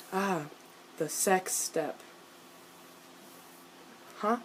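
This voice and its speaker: Brief: excitable woman reviewer, casual and profane, mid-pitched, noisy home recording. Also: moderate pace. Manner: excitable, swears often, shifts into exasperated rants. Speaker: video reviewer. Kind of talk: casual TV episode reaction.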